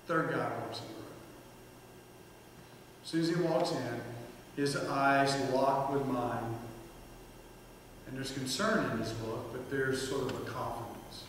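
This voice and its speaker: Man, church speaker, humorous storytelling, mid pitch, distant mic, booming hall echo. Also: unhurried, long pauses. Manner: humorous, anecdotal, addresses the audience directly. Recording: echoey hall from far off, background noise.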